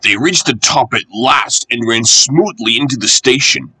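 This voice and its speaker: A man reading a children's railway storybook aloud, expressive and animated. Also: medium pitch, measured pace, no room sound, low-quality recording.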